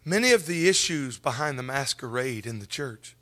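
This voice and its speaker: A man preaching a sermon as pastor, swinging from hushed whispers up to shouted, tearful peaks. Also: medium pitch, expressive, moderate pace.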